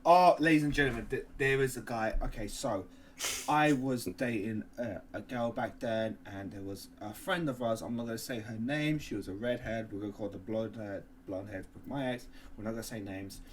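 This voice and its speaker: A man co-hosting a podcast in casual chat, animated, often exclaiming and swearing, trailing off mid-sentence. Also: lowish voice, normal speed, slight background noise. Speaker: podcast co-host.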